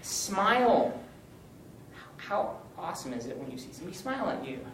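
A young man gives a lively, joking teaching talk to a college group. His voice sits a little high and comes from some distance off the mic. The room is echoey with a faint background hum. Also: normal speed. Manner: upbeat, joking, animated. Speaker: campus ministry speaker.

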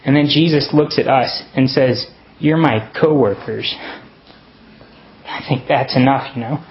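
A man's voice: medium pitch, steady tone, normal speed, highs cut off, slight background noise. A man giving a conversational sermon to college students, acting out the quotes he reads. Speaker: campus ministry speaker.

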